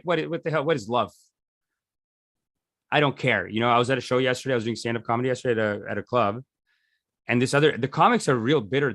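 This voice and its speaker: A man's voice: mid-range voice, fairly bright tone, dry recording, studio quality. A man teaching a meditation session in a loose, rambling, jokey way, often restarting his sentences. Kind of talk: casual teaching talk.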